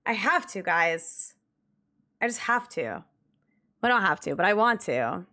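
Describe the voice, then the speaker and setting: Here a young female streamer talks loosely with her audience, wandering through an anecdote with plenty of giggles and filler words. She speaks unhurriedly in a mid-range, sing-song voice that sounds bright and forceful.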